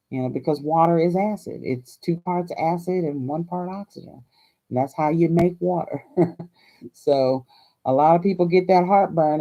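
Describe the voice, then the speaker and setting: A woman's voice: lowish voice, mellow, rough recording. An older woman from Hawaii hosting a crafting vlog, chatting in a folksy, chatty way and laughing often. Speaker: crafting channel host.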